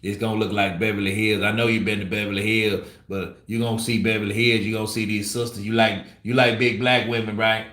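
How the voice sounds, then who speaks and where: A man's voice: fairly low pitch, flat delivery, brisk, hardly any pauses, a bit bright, reverberant, close to an everyday voice. A man doing an impression of a boastful, laid-back male boxer who shows a friend around town, in a slangy, teasing voice.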